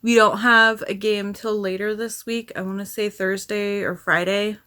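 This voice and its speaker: A woman talks to camera in a loose, rambling vlog style. Her voice sits at a middle pitch, and she sighs and restarts sentences often. She speaks softly, sometimes trailing off into a near whisper. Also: little pitch movement, normal speed, slight background noise. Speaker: vlogger. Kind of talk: casual rambling vlog chat.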